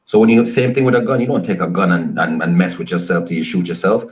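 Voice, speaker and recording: A man's voice: sits low, steady tone, fast talker, muffled recording. A Jamaican man who is a guest musician on a casual radio interview, talking in an emphatic, repetitive, preaching cadence. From Spanish Town, Jamaica.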